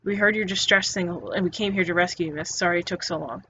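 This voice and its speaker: A woman's voice: on the low side, fast talker, sharp tone, slight background noise. A woman voicing a kind, reassuring older male rescuer in a story game. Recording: dull lo-fi recording with faint music.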